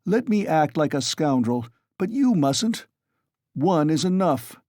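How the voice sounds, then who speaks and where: A male narrator voicing an overwrought young man whose speech comes in agitated, insistent bursts. His pitch sits well above the reader's own and swings widely. The sound is dry and close. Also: very animated, slow pace, dark tone, no room sound. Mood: irritable.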